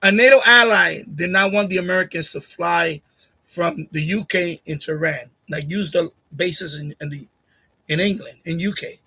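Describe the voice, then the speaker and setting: A man's voice: high-pitched, normal speed, creaky, sharp tone, husky, poor audio. A man hosting a live stream, chatting casually and bluntly with his chat, repeating himself and laughing at comments. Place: home streaming setup. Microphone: USB condenser mic on boom arm.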